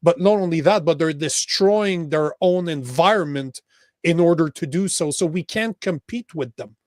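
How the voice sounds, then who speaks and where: Emphatic Quebec French-accented man, high voice. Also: moderate pace, a little mellow, dry recording, studio quality. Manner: emphatic, profane, restarts often. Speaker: podcast host. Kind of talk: casual political chat.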